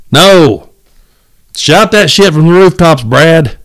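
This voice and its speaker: A man hosts a solo podcast in a fairly quick, mid-range voice, talking bluntly, profanely and with real fire. He often repeats words as he restarts his sentences.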